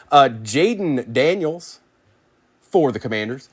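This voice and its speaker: A man hosting a live card break, rapidly calling out player names and chatting with viewers by name. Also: medium pitch.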